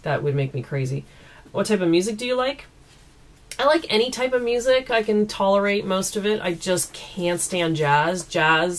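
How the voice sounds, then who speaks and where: This East Coast Canadian woman has a lowish voice and a moderate pace. Recorded at home through a camera mic, she laughs and talks informally as she responds to questions from viewers in a casual Q&A.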